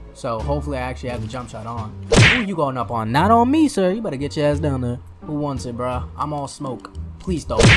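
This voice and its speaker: A man commentates his own gameplay live, trash-talking the other players and cursing freely. He jumps between loud, excited outbursts and low, muttered asides. Game music plays clearly behind his voice. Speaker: gaming streamer.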